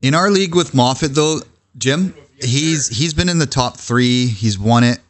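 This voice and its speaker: A man with a mid-pitched voice in a loose podcast chat during a fantasy football draft. He talks bluntly, swears freely and holds to his point when he argues. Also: a little slow. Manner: blunt, profane, insistent. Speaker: podcast co-host.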